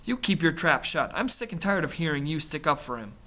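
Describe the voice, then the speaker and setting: A man voicing an angry, strict older brother who shouts and scolds, read aloud from a novel. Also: on the high side, very animated, brisk. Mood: shouting.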